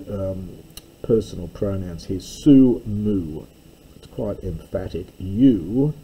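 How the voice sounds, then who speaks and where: Man, very slow, deep mellow tone, careful Greek lesson, faint hiss behind. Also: low-quality recording. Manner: careful, stops to explain grammar. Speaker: Greek teacher.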